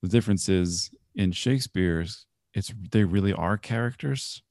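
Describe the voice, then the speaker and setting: A man's voice: sits low, normal speed, a little mellow, no echo, studio quality. A man co-hosting a podcast, reviewing a movie in casual chat with wry storytelling and frequent laughs. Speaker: podcast co-host.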